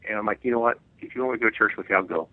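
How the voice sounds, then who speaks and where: A man, the guest author, earnestly telling a personal testimony in an interview, pausing and restarting as he goes. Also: fairly low pitch, no echo. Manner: earnest, reflective storytelling with frequent restarts. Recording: phone-like line.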